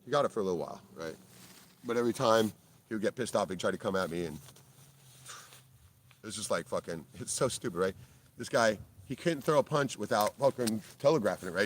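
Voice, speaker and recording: A middle-aged man telling a rambling personal story in a blunt, heavily profane way, ending many phrases with "right?" and flaring up loudly at times. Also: fairly low pitch, animated, a little fast, long pauses, slight background noise. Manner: gets loud and worked up in bursts. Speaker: video creator.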